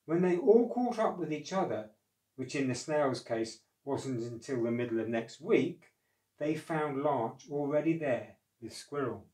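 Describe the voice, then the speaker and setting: A man reading a children's storybook aloud in a slow, gentle, expressive way. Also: mid-range voice. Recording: echoey room, distant mic.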